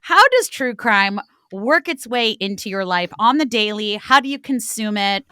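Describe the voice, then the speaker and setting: Bright, lively woman podcast host. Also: mid-range voice, normal speed, smooth, dry recording, clean studio sound. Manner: playful, teasing, asks questions. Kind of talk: casual chat.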